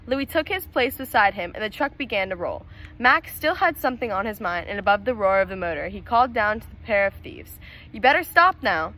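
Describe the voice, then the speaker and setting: A woman reading a children's storybook aloud, slowly and expressively. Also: medium pitch, animated, fairly bright tone, low-quality recording. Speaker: student reader.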